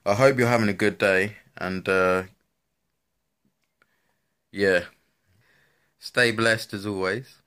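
Laid-back young man, very deep voice. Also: fairly even intonation, takes it slowly, pauses often, fairly bright tone, clear, resonant tone. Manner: laid-back, slangy, swears a lot. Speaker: vlogger. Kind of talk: casual chat to camera. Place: at home and outdoors.

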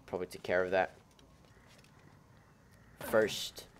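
A man's voice: sits low, level tone, slow pace, slight background noise. A man giving casual, joking commentary while playing a video game, laughing often and mumbling when he thinks aloud. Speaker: gameplay commentator. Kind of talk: casual let's play commentary.

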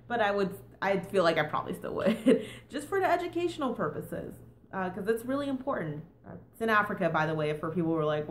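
A woman's voice: medium pitch, big pitch swings, quick pace, echoey room, slight background noise. A young woman giving a casual book review with a sing-songy tone, chatty and full of fillers. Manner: chatty with many fillers and "and stuff".

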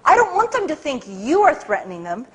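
A woman's voice: sits high, wildly swooping pitch, fairly quick, pitched above the performer's own voice, full character voice. Woman mimicking a ranting male boss. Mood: insistent. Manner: shouting, swearing, bossy. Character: angry male government handler, ranting.

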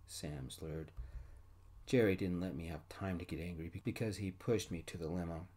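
A man gently narrating a first-person story in a soft-spoken ASMR style. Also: sits low, normal speed, slightly rough.

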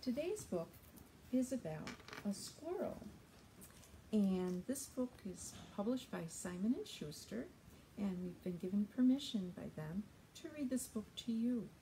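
Animated woman reading to toddlers. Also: medium pitch, a little hiss or hum. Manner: sing-song, coaxing, drawn-out words for small children. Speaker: children's librarian. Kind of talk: toddler storytime read-aloud. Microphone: video recording.

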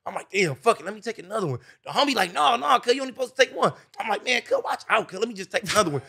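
Rowdy high-voiced man telling a crude story. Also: animated, rapid-fire, gravelly, bright, forceful tone, slightly rough. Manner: boisterous, profane, laughing as he tells a story. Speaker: guest. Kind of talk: crude storytelling in casual chat.

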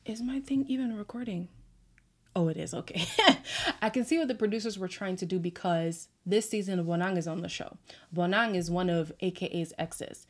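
A woman's voice: on the low side, normal speed. Sassy chatty woman recapping a show. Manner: chatty, sassy, exasperated asides. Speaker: recap vlogger. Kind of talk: casual reality-show recap.

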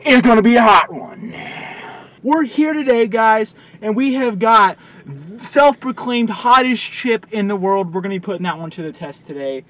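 A man's voice: high-pitched, animated, moderate pace, fairly bright tone, dull audio. A young man hosting a casual vlog from inside a car, hyped and joking. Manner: hyped, joking, yelps and laughs. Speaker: vlogger host.

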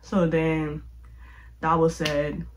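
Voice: medium pitch, monotone, very slow, a little hiss or hum, rough recording. Chatty young vlogger telling a storytime. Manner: chatty, heavy use of "like", slangy. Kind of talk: casual storytime narration.

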